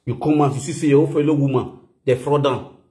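A man's voice: medium pitch, fairly quick, echoey room. A man with a Nigerian accent chatting loosely and laughing often on a live stream. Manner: laughing, rambling, animated. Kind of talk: casual live-stream chat.

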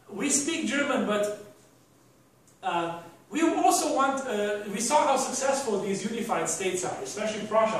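A man's voice: high-pitched, a little hiss or hum. Male lecturer, rambling with rhetorical questions; very echoey hall recording, distant mic. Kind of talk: university lecture.

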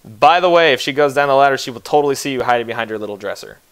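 A man's voice: medium pitch, animated, racing, fairly bright tone, smooth. A man narrating a tabletop game as game master, casual and joking, often restarting his sentences.

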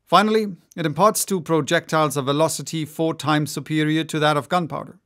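A man reading the part of a confident male president of a gun club, explaining calmly and at length in an audiobook. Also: on the high side. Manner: calm, explanatory, lecturing.

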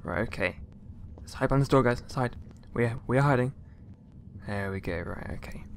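A man's voice: medium pitch, a little fast, slight background noise. A man giving casual gameplay commentary, rambling along with jokey, mock-outraged asides and mild swearing. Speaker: let's play gamer.

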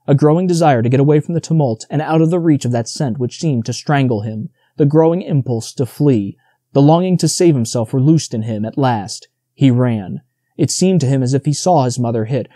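A man reading a storybook audiobook aloud in a steady, measured narration. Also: mid-range voice, dry recording, studio quality.

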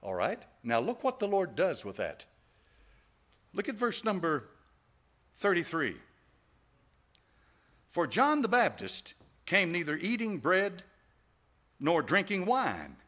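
A man's voice: a little high, sing-song, slow, pauses often, sharp tone. A male pastor preaching a sermon, emphatic, punching key phrases and asking the congregation rhetorical questions. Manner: emphatic, rises to stressed phrases.

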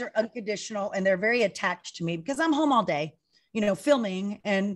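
A woman's voice: mid-range voice, quick pace. A woman, a retired wrestler, chatting in an interview, telling stories with acted-out quotes and lots of "like" and "you know". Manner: chatty, animated storytelling full of acted-out quotes; heavy use of "like" and "you know". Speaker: retired pro wrestler guest. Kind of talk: casual interview chat.

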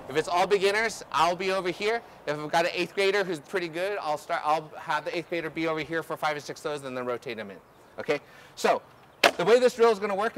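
A man coaching a group through drills outdoors, energetic and instructive, often checking in with "okay?". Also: a little high, a little hiss or hum. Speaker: ultimate coach. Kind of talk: outdoor coaching clinic demonstration. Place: outdoor field.

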